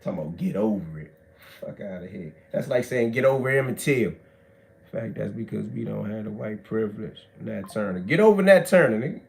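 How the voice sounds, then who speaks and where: A man, telling prison stories in animated, profane street talk that swings from shouts to low mutters. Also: fairly quick, gravelly.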